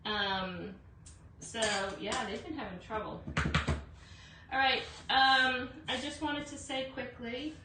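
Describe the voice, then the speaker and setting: Hosting a chatty craft livestream, a woman greets viewers by name and uses lots of fillers. She speaks slowly in a high, steady voice, heard from a distance in an echoey room with faint noise.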